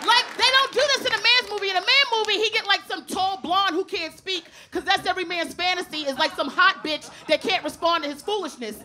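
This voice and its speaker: Stand-up comic, woman, very high voice, brash and profane, live club mic with a crowd and noise behind. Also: brisk, hardly any pauses. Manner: brash, profane, animated storytelling. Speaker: stand-up comedian. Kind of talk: stand-up routine. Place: comedy club stage before a live audience. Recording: live club recording with audience laughter and noise.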